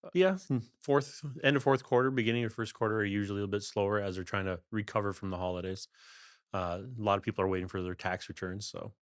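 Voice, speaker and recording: A man guest on a casual podcast, friendly and quick to joke. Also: fairly low pitch, steady tone, no echo, studio quality. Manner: friendly, joking. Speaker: podcast guest, marketing vendor.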